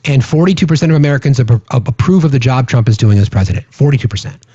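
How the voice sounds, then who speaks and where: A man's voice: mid-range voice, expressive, fast talker, warm tone, slightly rough, dry recording, lo-fi sound. A man hosting a casual political livestream, talking earnestly with frequent restarts and tag questions to his viewers. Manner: earnest, many restarts and "right?" asides. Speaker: livestream host.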